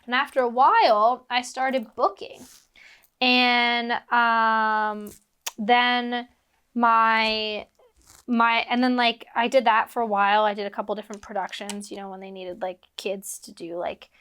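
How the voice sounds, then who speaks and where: A woman's voice: on the high side, fairly even intonation, measured pace, a bit bright, clean tone. A woman from Philadelphia, a guest actress chatting casually while building bricks, rambling with lots of fillers and laughing at herself when she gets distracted. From Philadelphia, United States.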